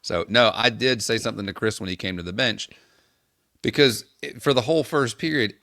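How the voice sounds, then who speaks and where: A man co-hosting a casual podcast, talking quickly and wryly, venting with exasperation about his team. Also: medium pitch, a bit bright, dry recording, studio quality. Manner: quick, wry, vents with exasperation. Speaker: podcast co-host, hockey player. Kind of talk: casual banter.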